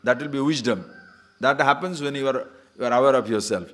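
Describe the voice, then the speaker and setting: A man teaching scripture as a swami in a spiritual discourse, teasing his listeners with rhetorical questions and chanting short verses slowly. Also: medium pitch. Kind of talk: spiritual discourse to a live audience.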